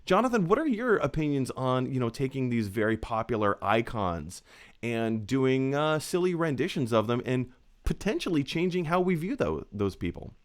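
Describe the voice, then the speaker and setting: A man's voice: medium pitch, big pitch swings, moderate pace. A man hosting a casual film-chat show, talking in an upbeat, chatty way with plenty of fillers. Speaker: host.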